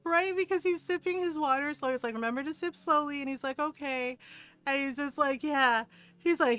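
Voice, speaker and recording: Animated woman telling a story. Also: sits high, normal speed. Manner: animated storytelling, quoting others in acted voices, laughing often. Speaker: streamer. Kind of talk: casual chat with viewers.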